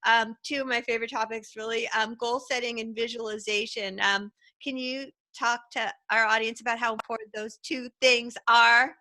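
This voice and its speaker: A woman's voice: a little high, steady tone, normal speed, few pauses, sharp tone. A woman hosting an interview, enthusiastic and encouraging, often laughing as she guides the talk. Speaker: interview host.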